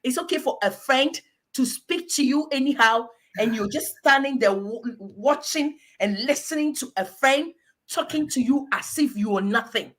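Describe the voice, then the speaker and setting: A woman from Africa, a guest giving animated, emphatic advice in a preachy, exhortative manner. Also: high-pitched, moderate pace.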